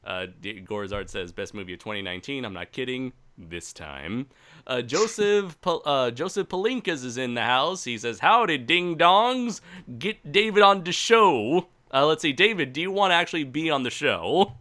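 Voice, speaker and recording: Lively bright-voiced podcast host. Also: male voice, mid-range voice, a little fast. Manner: laughing, playful, reads out chat comments. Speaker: podcast co-host reading chat. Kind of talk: casual podcast chat.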